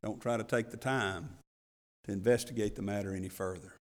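A middle-aged man preaching a sermon as pastor, telling the story with animated voices. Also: lowish voice, a little fast, in a large hall.

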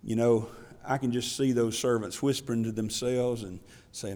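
A man preaching from the pulpit in a plain, folksy manner, reading scripture and retelling Bible stories. His voice sits at an ordinary pitch for a man. The church has a long, echoing reverb. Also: fairly even intonation, normal speed, a little mellow. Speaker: pastor. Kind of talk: sermon.

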